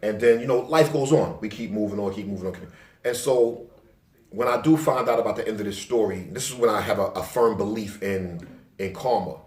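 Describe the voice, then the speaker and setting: A man's voice: on the low side, a little fast. A young man, casually telling a personal story in loose, profane street talk. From Staten Island, New York. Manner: loose, profane street talk, acting out his own past lines louder. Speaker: vlogger. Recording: roomy, distant from the mic.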